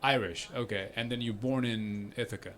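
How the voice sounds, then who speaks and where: A man's voice: fairly low pitch, steady tone, normal speed. A man doing stand-up crowd work, teasing audience members and laughing often. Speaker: stand-up comedian. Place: comedy venue stage. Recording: loud crowd in a live venue.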